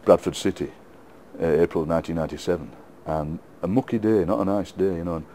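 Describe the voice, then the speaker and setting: A middle-aged man with a Yorkshire accent, a poet being interviewed, telling lively football anecdotes with frequent laughs and repeated words. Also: low voice, quick pace, a little hiss or hum. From England. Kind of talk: casual storytelling interview.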